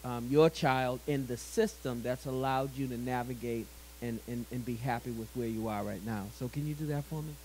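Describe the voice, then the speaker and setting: A man's voice: mid-range voice, fairly even intonation, normal speed, few pauses, a little mellow, a little hiss or hum, low-quality recording. Enthusiastic male panel host. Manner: enthusiastic, encouraging. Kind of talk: live panel hosting.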